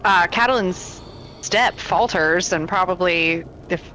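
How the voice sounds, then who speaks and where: A woman playing a tabletop game, chatty and quick to laugh. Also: on the low side, sharp tone, slight background noise, rough recording. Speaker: player. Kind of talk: casual tabletop play.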